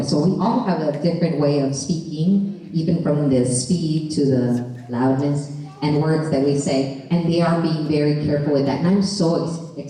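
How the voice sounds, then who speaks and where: A woman, a voice actress, chats animatedly with fans at a convention panel, dropping in Spanish now and then. Her voice is low and mellow. The mic sits far off in a very echoey hall. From Colombian family, born in Florida. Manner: chatty, animated, laughs often, mixes in Spanish. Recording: echoey hall, distant mic, audience noise.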